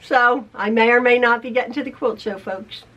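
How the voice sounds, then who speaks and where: A woman's voice: on the high side, fairly even intonation, moderate pace, fairly bright tone, muffled recording. An older woman vlogging casually to camera about quilting, chatty and emotional, with frequent laughs, tired after an illness. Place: at home, later in her parked car.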